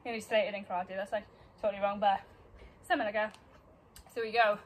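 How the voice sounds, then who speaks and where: A woman's voice: mid-range voice, steady tone, brisk, pauses often, slight background noise, poor audio. A young woman teaching a dance routine, counting beats and scatting the moves aloud, a little out of breath. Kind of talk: dance class instruction. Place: dance studio.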